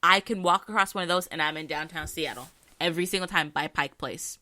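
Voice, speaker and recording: A woman's voice: sits low, fairly quick, bright, forceful tone, no room sound. A woman co-hosting a podcast, telling stories in casual chat and giggling often. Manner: giggly, chatty storyteller. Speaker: podcast co-host.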